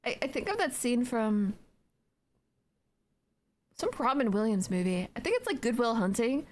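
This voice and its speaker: A woman's voice: fairly high pitch, sing-song, normal speed, a little hiss or hum. A young adult woman streaming from home, chatting playfully with her chat in a rambling, filler-heavy way between yawns. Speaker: Twitch streamer. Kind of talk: casual live-stream chat, reading chat aloud.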